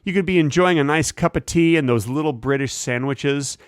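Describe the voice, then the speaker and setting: A man's voice: a little high, brisk, clean tone, no echo. Bantering man with a dry close voice. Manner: deadpan, rambling, playful silly voices. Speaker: podcast co-host. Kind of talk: absurd comedic banter.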